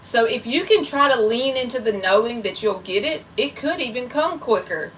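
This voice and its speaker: A woman's voice: on the high side, expressive, normal speed, fairly bright tone, slight background noise. Chatty woman tarot reader, slightly distant. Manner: chatty and playful, self-described goofy. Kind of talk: live tarot reading.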